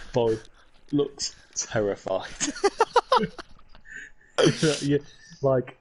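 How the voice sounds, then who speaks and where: A young man, co-hosting a casual podcast chat in a relaxed, hesitant way with many pauses. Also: mid-range voice, slight background noise, poor audio. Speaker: podcast co-host.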